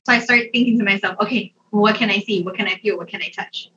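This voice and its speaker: Bright young woman telling a story. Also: mid-range voice, fast talker, a little hiss or hum. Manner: animated, laughs often, many "like" fillers. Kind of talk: casual personal storytelling. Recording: dull, distant mic sound.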